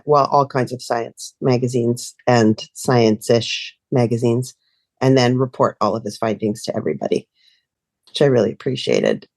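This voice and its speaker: Low-voiced woman telling stories. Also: no echo. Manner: animated storyteller, laughs often. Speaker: guest, writer and performer. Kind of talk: casual conversation.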